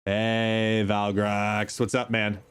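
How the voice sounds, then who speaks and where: A man's voice: on the low side, completely flat delivery, takes it slowly, clear, resonant tone. A man chatting casually on a live game stream, sleepy and talkative, greeting viewers. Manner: drowsy, chatty, breaks into silly sung ditties.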